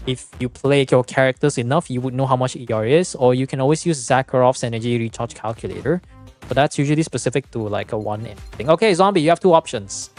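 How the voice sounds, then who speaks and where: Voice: mid-range voice, a little mellow. A game streamer in casual livestream chat, explaining numbers, chatting and laughing often.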